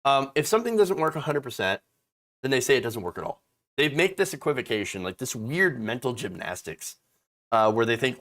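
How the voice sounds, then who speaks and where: A man's voice: mid-range voice, big pitch swings, brisk, a bit bright. A man hosting a political commentary show, ranting in a profane, exasperated and mocking way.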